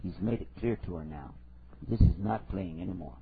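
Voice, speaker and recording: A man's voice: low-pitched, moderate pace, slight background noise. A man giving a religious lecture in a conversational style, telling stories and asking rhetorical questions. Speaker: Islamic preacher. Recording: tinny phone-like lo-fi recording.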